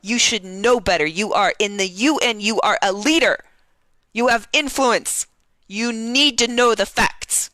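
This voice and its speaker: A woman's voice: mid-range voice, lively intonation, measured pace, pushed and bright, no room sound. A woman journalist giving heated, indignant live-stream news commentary and reading out timeline entries.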